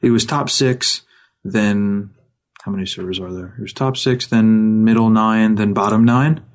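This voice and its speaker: A man co-hosting a casual gaming podcast, talking in a wry, rambling way with quick asides. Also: lowish voice, fairly even intonation, soft background music. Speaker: podcast co-host.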